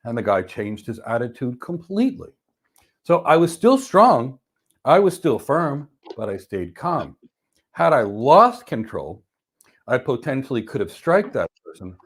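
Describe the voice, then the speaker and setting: A man co-hosting a podcast, talking in a measured, deliberate way and slowing down on emphatic phrases as he tells a story. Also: medium pitch, sing-song, slightly rough. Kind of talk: casual conversation, storytelling.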